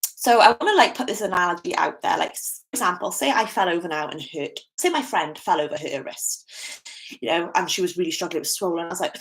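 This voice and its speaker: A woman's voice: lowish voice, expressive, fairly quick. A young British woman giving a candid, chatty solo podcast talk, with frequent fillers and restarts. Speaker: podcast host.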